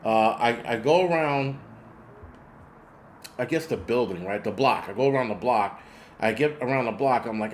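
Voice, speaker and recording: A male host of a casual talk stream tells a rambling street story full of blunt profanity and fillers, stopping mid-tale to answer viewer donations. His voice is medium-pitched at normal speed, he pauses often, and there's a little hiss or hum.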